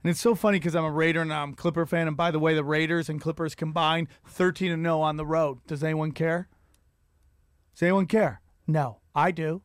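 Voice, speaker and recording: High-voiced man ranting on a podcast. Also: fairly quick, dry recording, clean studio sound. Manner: rambling, profane, animated storytelling. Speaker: podcast host. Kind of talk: casual comedic rant.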